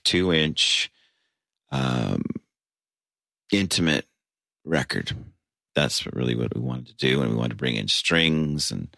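A man's voice: very deep voice, gravelly, sharp tone, no echo, studio quality. A man, a band member, telling stories in a casual interview, rambling with restarts and fillers. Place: basement of a tavern.

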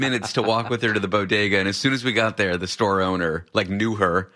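A man's voice: on the low side, fairly even intonation, fast talker, pushed and bright. A man hosting a talk show, telling stories in a wry, self-mocking way. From dual citizen. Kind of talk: casual talk show chat.

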